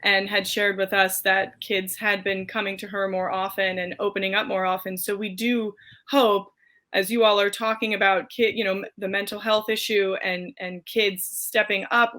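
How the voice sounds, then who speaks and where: A woman's voice: medium pitch, pushed and bright. A woman co-hosting a panel discussion, asking long, rambling questions full of fillers. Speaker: co-host.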